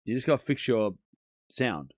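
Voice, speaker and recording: An Australian man hosting a live stream, chatting easily and joking as he answers his viewers. His voice sits at a middle pitch, and the recording is dry and close, with no room sound. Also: very animated, normal speed, dry recording. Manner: laid-back, joking, chatty, replies to chat aloud. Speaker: livestream tennis watchalong host. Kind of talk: casual live-stream chat reading viewer comments.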